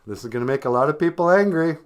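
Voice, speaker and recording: A man's voice: fairly high pitch, animated, racing. A man hosting a comic live-stream podcast, teaching language phrases in a joking, self-mocking way. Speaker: podcast host teaching Ojibwe.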